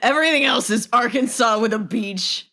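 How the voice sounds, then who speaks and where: A woman co-hosting a casual comedic podcast, playful and quick to laugh, often slipping into joke voices. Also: on the high side, pushed and bright. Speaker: podcast co-host.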